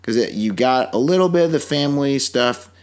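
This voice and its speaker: A man's voice: medium pitch, lively intonation, brisk, darkish tone, smooth. A man co-hosting a podcast in casual chat, rambling through his points and joking with mock outrage. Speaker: podcast co-host.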